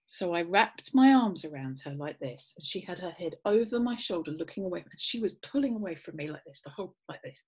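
A woman with a husky, fairly low voice tells a personal story on a webinar. She acts out the voices with lively swings and sinks to a near whisper for tender moments, heard through a video-call mic. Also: fairly quick, few pauses. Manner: animated storytelling, acting out voices, dropping to a whisper. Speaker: guest course leader.

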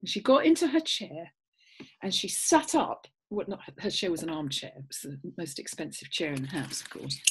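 A woman with a husky, fairly low voice tells a personal story on a webinar. She acts out the voices with lively swings and sinks to a near whisper for tender moments, heard through a video-call mic. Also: normal speed. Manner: animated storytelling, acting out voices, dropping to a whisper. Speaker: guest course leader.

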